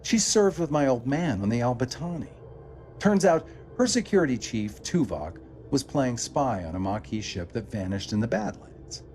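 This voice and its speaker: A man's voice: medium pitch, lively intonation, normal speed, darkish tone, a little hiss or hum, natural voice. A man voicing a cocky male ex-convict starship pilot in a game cutscene, with a wry, laid-back drawl.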